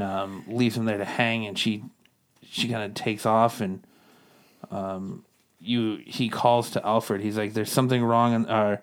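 A man co-hosting a casual podcast, rambling through a comic plot and tossing in quoted lines as he goes. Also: lowish voice. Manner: rambling recap, quotes characters in passing. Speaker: podcast co-host reviewing comics. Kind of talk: casual chat.

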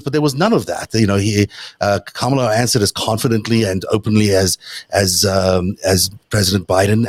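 Male panel host, low pitch, dry sound, casual and halting delivery. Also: dry recording. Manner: hesitant, many restarts and fillers.

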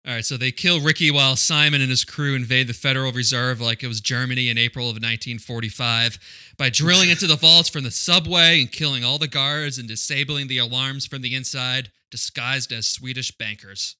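A man's voice: mid-range voice, steady tone, brisk, bright, forceful tone, no room sound, studio quality. Man crudely recapping a movie. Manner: crude joking, recaps plot with mocking asides. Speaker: podcast co-host. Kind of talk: casual movie-review chat.

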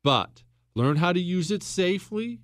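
A man delivers a political talk monologue as host, hammering points home with repetition. His pitch sits a bit high and swings widely. The sound is dry and close. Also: sing-song, measured pace, a bit bright, dry recording. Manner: emphatic, repetitive, lecturing. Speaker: podcast host.

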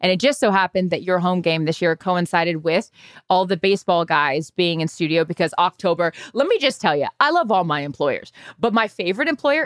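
A woman co-hosting a podcast in a bubbly, chatty way, full of quick asides. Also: fairly low pitch, no room sound, clean studio sound. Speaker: podcast co-host. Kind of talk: casual chat.

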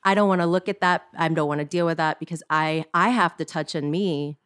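A woman hosting a reflective conversation, searching for her words slowly and starting sentences over. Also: deep voice, fairly bright tone, smooth, dry recording, clean studio sound.

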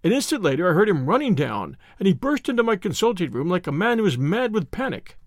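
A man narrating a classic detective story in an expressive reading style, voicing its characters. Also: sits high, fast, hardly any pauses, no room sound, studio quality. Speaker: audiobook narrator.

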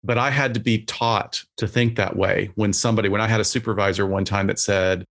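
Man, psychologist, low voice, casual podcast talk, animated, acts out quotes. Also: a little fast, hardly any pauses. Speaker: psychologist guest.

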